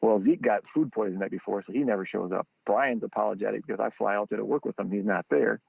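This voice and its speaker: A gravelly, fairly low-voiced man tells a long story down a tinny, phone-like line. The sound is dry and close. He breaks into sudden high-pitched bursts as he acts out the people he quotes. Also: fast talker, dry recording. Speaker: guest, training football founder. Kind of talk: animated storytelling.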